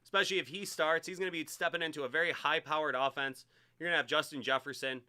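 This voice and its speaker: A man hosting a live-streamed sports card break, chatty and excitable as he hypes each card he pulls. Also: fairly high pitch, fast, clean tone.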